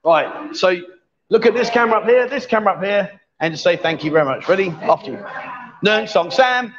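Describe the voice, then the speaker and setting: A man's voice: sits high, expressive, a little fast, lo-fi sound, very noisy. A man hosting a live stream from a bar, chatting and bantering casually with a jokey manner. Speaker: livestream host. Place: busy bar with a pool table.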